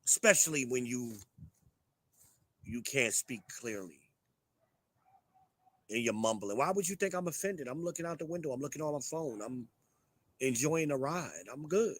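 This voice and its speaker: A man's voice: mid-range voice, normal speed, long pauses. A middle-aged man hosting his own show, ranting bluntly and profanely to a live chat. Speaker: show host.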